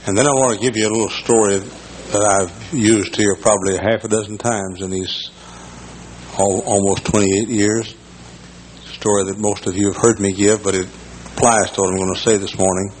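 An older man preaching a sermon as pastor, telling a story in a folksy way and repeating key words slowly for emphasis. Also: fairly low pitch, steady tone, a little mellow, poor audio. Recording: faint background noise in a large church.

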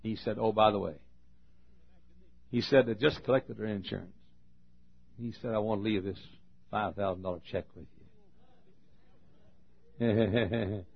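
This pastor delivers a storytelling sermon in a husky, worn, low and gravelly male voice, shifting from loud emphasis to quiet asides. He speaks a little slowly with long pauses and fairly even intonation, and the audio sounds dull and lo-fi.

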